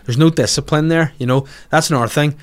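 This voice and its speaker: A man in his thirties with a Northern Irish accent, a comedian hosting a podcast, telling animated comic stories with some swearing. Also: a little high, fast. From Northern Ireland. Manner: animated, swearing, acts out voices in quotes. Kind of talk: comic storytelling.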